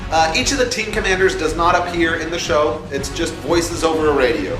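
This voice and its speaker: A young man hosting a casual vlog that calls for voice actors for his fan film, animated and jokey, dropping into put-on voices. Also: fairly high pitch, brisk. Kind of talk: casual casting-call vlog. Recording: echoey room with music behind.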